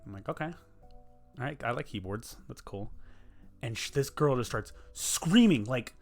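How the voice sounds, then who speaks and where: A man's voice: mid-range voice, expressive, normal speed, a little mellow, faint music behind. A young man, telling a rambling, profane story in a casual podcast chat. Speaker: podcast host.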